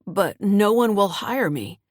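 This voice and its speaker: A sulky, sarcastic grown child with a grudge in a mystery audiobook, as a woman narrator voices the part. The tone runs low and dry, close to the mic. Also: lively intonation, normal speed, no room sound. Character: sullen, bitter grown child. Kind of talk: audiobook character reading.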